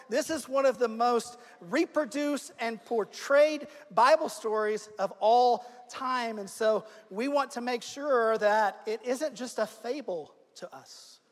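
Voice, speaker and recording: A man, the pastor hosting the service, introducing the sermon and a guest speaker in an upbeat, welcoming manner. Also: very high-pitched. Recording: long hall reverb.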